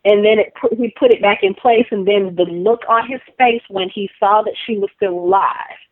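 A woman co-hosting a casual TV recap, talking in an animated, gushing fan manner. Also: mid-range voice, moderate pace, dry recording. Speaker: podcast co-host. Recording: tinny phone-line sound.

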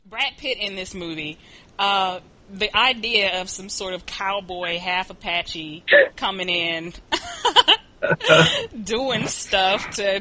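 A woman's voice: lowish voice, bright, forceful tone, slight background noise. A woman hosting a casual chat about films, bubbly and gushing, laughing often.

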